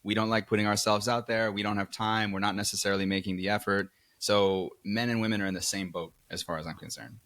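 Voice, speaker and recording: A man's voice: fairly low pitch, fairly even intonation, fast, few pauses, a bit bright, dry recording. A man from New York, a podcast guest talking earnestly and reflectively about dating, with many "like"s. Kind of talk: casual interview chat.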